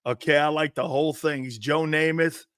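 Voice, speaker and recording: A man with a slightly high voice hosts a casual sports talk show, agreeing readily and hyping up his partner. His voice sounds dry and close to the mic. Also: fairly even intonation, normal speed, a bit bright, clean tone, no room sound. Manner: upbeat, agreeable, hypes up his co-host. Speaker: sports podcast host.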